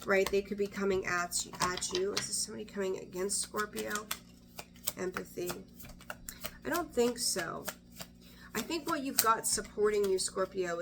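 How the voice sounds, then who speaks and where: A woman with a lowish voice talks through a tarot reading in a loose, chatty way. She is blunt and swears freely, breaking off mid-sentence and starting over. A faint hum of ambient noise sits behind her. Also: a bit bright. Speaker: tarot reader. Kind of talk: casual weekly tarot reading.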